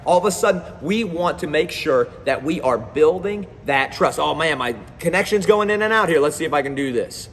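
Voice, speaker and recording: A man giving a live-streamed motivational talk as a performance coach, energetic and speaking straight to his viewers, often repeating phrases. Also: a little high, fairly quick, hardly any pauses, in a large hall, a little hiss or hum.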